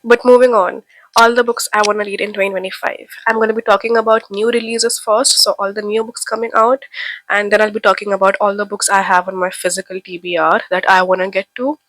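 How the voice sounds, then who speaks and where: A woman's voice: medium pitch, flat delivery, a little fast, fairly bright tone, dry recording, low-quality recording. Chatty young woman with a head cold. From India. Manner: chatty and enthusiastic, gushing about books. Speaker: book vlogger. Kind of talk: casual chat to camera.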